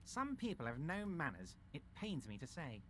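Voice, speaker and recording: An actor voicing a smug, portly male union boss in a video game, with a nasal voice and a smooth, unctuous politeness. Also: on the high side, huge pitch swings, moderate pace, fairly bright tone, slight background noise.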